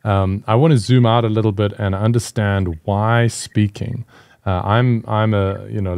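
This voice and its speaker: A male podcast host with a lowish voice, asking questions in a thoughtful, halting way. His recording is dry and close, with no room echo. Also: a little mellow, clean tone. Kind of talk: podcast interview.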